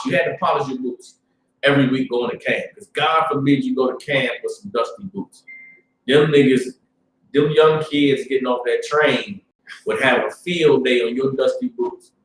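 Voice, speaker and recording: A man with a fairly high voice preaches to a class in a loose, streetwise way, dropping to a mutter and then rising to loud bursts. He keeps checking in with his listeners. The sound is roomy and echoing, and he stands some way back from the mic. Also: distant mic. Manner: streetwise, repeats "you understand?", swings from low mutter to loud bursts. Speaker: religious class teacher.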